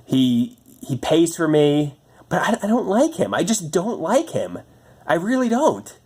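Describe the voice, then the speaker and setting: A man's voice: a little high, very animated, darkish tone, slightly rough. A man venting about his home life in a personal monologue, stammering through restarts and swearing often. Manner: halting, stammering restarts, frustrated. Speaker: vlogger.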